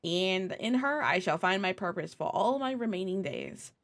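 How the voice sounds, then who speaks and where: A woman's voice: mid-range voice, expressive, moderate pace, a bit bright. A woman voicing a gallant, wistful old male cat swashbuckler, reading game dialogue aloud in formal storybook phrasing.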